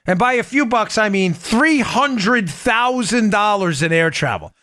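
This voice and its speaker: Male podcast host, sharp bright tone, mocking monologue. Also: high-pitched, no echo, studio quality. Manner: animated, mocking quoted voices, quick asides. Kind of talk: political talk show monologue.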